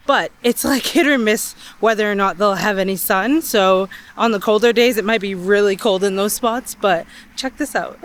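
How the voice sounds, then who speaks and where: A young woman narrating a casual travel vlog while walking around outdoors, chatty and rambling. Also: medium pitch. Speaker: travel vlogger. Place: outdoors on a day trip, walking.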